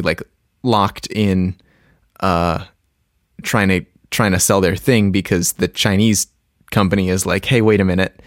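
A man's voice: lowish voice, no room sound, studio quality. A man co-hosting a casual chat, rambling through explanations with many ums and restarts. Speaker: podcast co-host.

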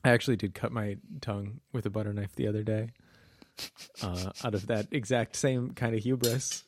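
A man's voice: on the low side, steady tone, moderate pace. A man co-hosting a podcast who asks wry, prompting questions in casual chat. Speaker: podcast co-host.

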